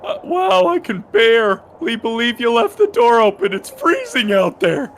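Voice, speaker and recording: A man's voice: extremely high pitch, big pitch swings, normal speed, a bit bright, slight background noise, voice pushed up, heavily acted. A man voicing a shirtless, fussy character who keeps complaining about the cold. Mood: whiny. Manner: whiny, fussy.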